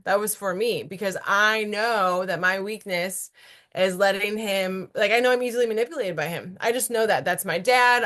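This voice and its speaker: A woman's voice: mid-range voice, fairly bright tone. A woman in her thirties, a guest on an interview podcast, talking earnestly and animatedly, often checking in with "right?". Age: 30s. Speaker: guest entrepreneur. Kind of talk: casual interview chat.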